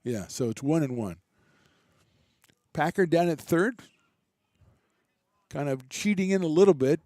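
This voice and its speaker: A man doing relaxed, chatty play-by-play commentary for a college baseball game, with self-deprecating asides. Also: on the high side, unhurried, no echo, clean studio sound. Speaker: play-by-play announcer.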